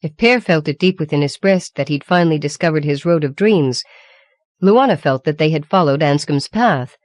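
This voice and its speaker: This audiobook reader is a woman with a deep voice, low for a woman, narrating a fantasy story from a script. She keeps a measured, even delivery. The recording is dry and close, with no room sound or echo.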